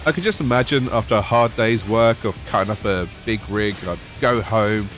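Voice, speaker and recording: A man's voice: lowish voice, moderate pace, a bit bright, soft background music. A British man narrating a gaming video voice-over with wry, sarcastic humour. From United Kingdom. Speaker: gaming YouTuber.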